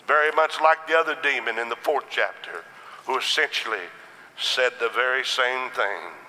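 A man's voice: mid-range voice, normal speed, bright, forceful tone, big-room sound, rough recording. A man preaching a sermon in a rhythmic style, punctuated with Amens.

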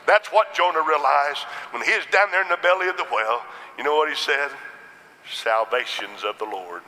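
Man preaching a sermon, lively up and down voice, long echo like a big church. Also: on the high side, brisk. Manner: rhythmic call-and-response preaching with Amens.

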